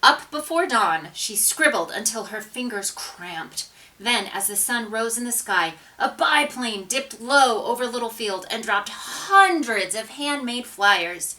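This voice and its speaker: A woman reads a children's picture book aloud in a dramatic, expressive way, dropping to hushed asides. Her delivery is slow and unhurried, with a bright, fairly high voice. She sounds somewhat distant from the microphone. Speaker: storybook reader.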